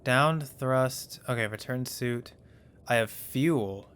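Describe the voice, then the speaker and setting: A man's voice: medium pitch, slow, a bit bright, clear, resonant tone. A man giving casual gameplay commentary as a let's play host, chatty and wondering aloud.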